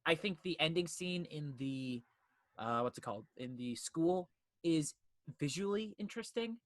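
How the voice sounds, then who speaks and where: A man co-hosting a casual film podcast, animated and swearing freely as he acts out his reactions. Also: on the high side, moderate pace, no echo. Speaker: podcast co-host.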